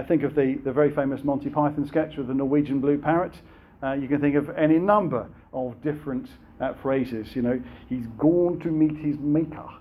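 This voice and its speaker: A man's voice: medium pitch, narrow, tinny audio. A man preaching a sermon in a conversational way, with frequent fillers and rhetorical questions.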